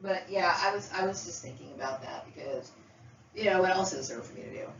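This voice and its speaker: A woman's voice: on the low side, brisk, creaky, a little hiss or hum. A woman vlogger delivering an emotional, agitated monologue, repeating herself and checking in with "okay?" and "you know what I mean?". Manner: agitated, repetitive, keeps asking "okay?". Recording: dull, echoey room, mic far off.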